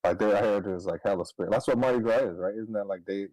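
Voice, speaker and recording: Man, casual podcast storyteller, low mellow voice, dry close sound, swears and laughs. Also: fast, no room sound, poor audio. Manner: animated, swearing, laughs, voice jumps high when excited. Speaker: podcast co-host.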